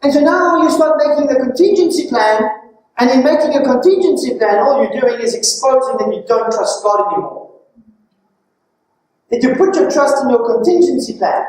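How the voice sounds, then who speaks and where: A woman preacher delivers a sermon, asking her listeners questions and stressing her points. Her voice sits high. It rings around a very echoey hall. The microphone is some distance away. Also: expressive, moderate pace, a little mellow, a little hiss or hum. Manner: questioning, engaging, emphatic.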